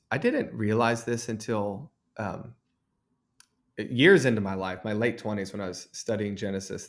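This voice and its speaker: A man in his thirties, an author and guest, telling a story in an earnest, reflective way. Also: on the low side. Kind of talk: conversational interview.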